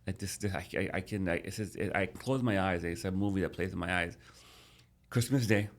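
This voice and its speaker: A man in his thirties, a podcast guest, telling a personal story in a casual, animated way with many restarts. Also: sits low, fairly quick.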